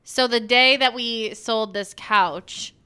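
A woman co-hosting a podcast, telling a home story in a casual, animated way and swearing now and then. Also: a little high, slow pace, clear, resonant tone. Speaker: podcast co-host. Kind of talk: casual chat.

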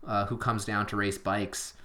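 A man's voice: lowish voice, flat delivery, normal speed, bright, forceful tone. A man co-hosting a podcast, chatting casually in a rambling, self-deprecating way with lots of fillers. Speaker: podcast co-host. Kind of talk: casual chat.

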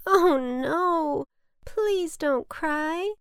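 A sweet, well-mannered little boy from a children's storybook, as a woman puts him on, earnest and eager to help. His voice sits high and bright and lifts with feeling. It is recorded close and dry, with no room sound at all. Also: unhurried, no echo. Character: kind, polite little boy.

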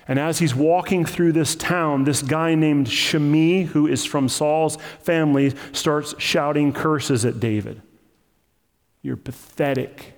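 A man's voice: a little high, a little slow, hardly any pauses, in a large hall. A man preaching a sermon as pastor, in a conversational, emphatic style that acts out the story.

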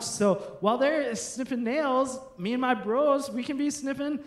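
A man in his thirties gives a sermon from a church stage, telling an animated, funny story and slipping into his friends' voices. His voice sits high for a man. The sound is roomy, with the echo of a large hall. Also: measured pace. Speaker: pastor. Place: church stage before a congregation.

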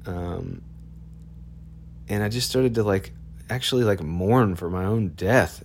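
A man with a very low, gravelly voice tells a personal story. He talks casually and haltingly, with many fillers and restarts along the way. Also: a little mellow.

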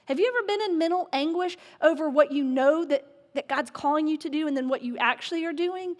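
A woman's voice: sits high, fairly quick. A woman pastor giving a sermon, candid and self-mocking in her delivery. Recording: echoey hall with long reverb.

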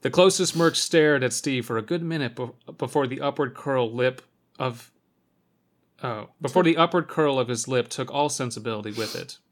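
A man's voice: medium pitch, normal speed. A man co-hosting a podcast, reading a horror story aloud and breaking off for chatty, laughing asides. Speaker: podcast co-host. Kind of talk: casual reading and banter on a podcast.

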